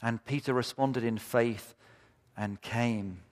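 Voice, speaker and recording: Male pastor, mid pitch, unhurried, fervent sermon delivery, big reverberant sanctuary sound. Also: steady tone. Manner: impassioned, rising to fervent repeated cries. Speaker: preacher. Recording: long reverb of a large hall.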